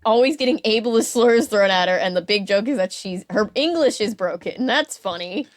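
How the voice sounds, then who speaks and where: A woman's voice: mid-range voice, expressive, moderate pace. A woman hosting a podcast, chatting casually about a novel in a sarcastic way, with frequent laughs and fillers. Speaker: podcast host.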